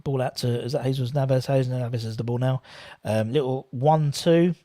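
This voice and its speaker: A man's voice: medium pitch, fairly even intonation, fairly quick, mellow. Chatty man hosting a football watchalong. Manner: chatty, rambling, reads viewer comments aloud. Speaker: watchalong host. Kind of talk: live football watchalong commentary.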